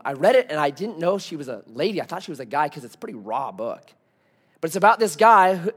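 A male pastor delivers a sermon with a high voice that swings widely in pitch. He talks to the congregation conversationally, telling stories and throwing out rhetorical questions. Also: fairly bright tone.

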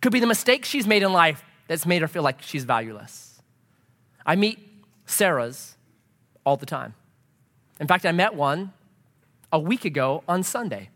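Pastor guy giving a sermon, bright tense voice, tells stories and does everyone's voices. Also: fairly high pitch, moderate pace, long pauses, long reverb tail. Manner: animated, acts out quoted voices. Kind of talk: sermon with storytelling.

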